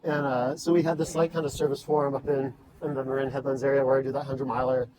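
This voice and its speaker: A man's voice: mid-range voice, little pitch movement, quick pace, dark tone, rough recording. A man chatting casually on a podcast, telling long running stories with many fillers and restarts. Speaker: podcast guest, ultrarunner.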